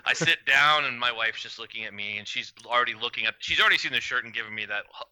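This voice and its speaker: A man co-hosting a podcast, telling funny stories in a lively, profane way. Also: mid-range voice, fast talker, dry recording, poor audio. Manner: animated storyteller, profane. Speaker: guest co-host.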